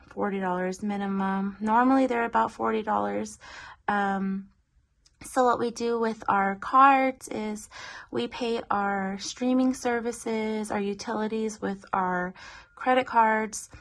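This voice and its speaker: A woman's voice: medium pitch, vocal fry. A young pregnant woman, a little out of breath, chatting casually through her family's monthly budget with many fillers. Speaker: budgeting vlogger.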